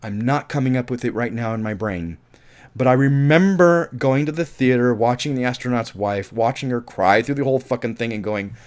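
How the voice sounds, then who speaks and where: A man's voice: medium pitch, a little fast, a little mellow. A man giving a casual, rambling film review, frank and profane, circling back and repeating himself when frustrated.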